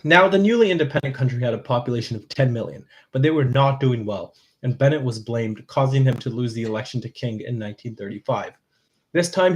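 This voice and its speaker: Man narrating history in an even voice. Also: medium pitch, low-quality recording.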